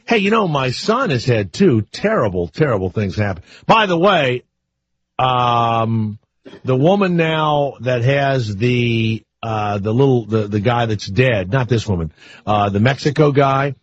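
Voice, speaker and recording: A man's voice: medium pitch, animated, a little slow, no room sound. An older man hosting a talk radio show, rambling and wisecracking in loose asides with callers and co-hosts. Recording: muffled lo-fi radio broadcast.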